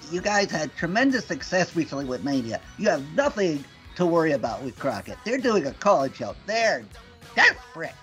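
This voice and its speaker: A man's voice: on the high side, very animated, moderate pace, a bit bright, soft background music, voice pushed down, low-quality recording. A man playing a nervous wrestling photographer who stammers timidly. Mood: eager.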